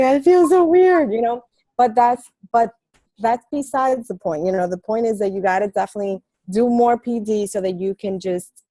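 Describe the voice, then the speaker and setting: Chatty woman with a mellow, dry voice. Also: mid-range voice, no echo. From New York. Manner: chatty, storytelling, many fillers. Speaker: team coach on a call. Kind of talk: casual team call talk.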